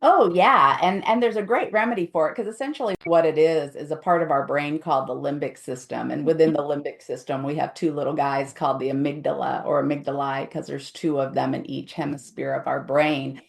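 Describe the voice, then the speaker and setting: A middle-aged woman with a low voice and a gravelly edge. She explains things patiently in casual interview talk. She briefly acts out the inner voices she quotes. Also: steady tone, brisk, few pauses. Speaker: guest conflict resolution expert.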